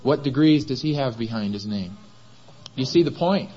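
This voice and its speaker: A man's voice: mid-range voice, expressive, normal speed, warm tone, breathy edge, muffled recording, soft background music. A man preaching a sermon in a chapel, questioning the congregation and answering himself. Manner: asks the congregation rhetorical questions.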